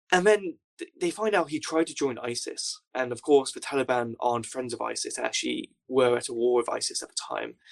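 A young man telling wry, animated stories as an interview guest. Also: medium pitch, vocal fry. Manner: wry, animated storyteller who acts out quotes. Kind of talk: casual storytelling.

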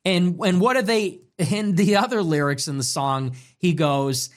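A man's voice: high-pitched, measured pace, few pauses. A man commentating in a solo monologue, emphatic and repetitive in short punchy sentences.

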